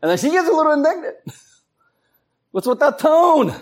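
Delivering a sermon, a pastor brings his stories to life by acting out the characters' voices. He speaks in a very high voice at a moderate pace.

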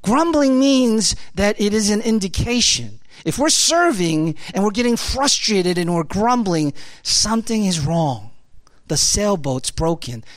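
A pastor preaching a sermon in a conversational, emphatic way, with rapid rhetorical questions and repeated key phrases. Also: medium pitch, big pitch swings, no echo.

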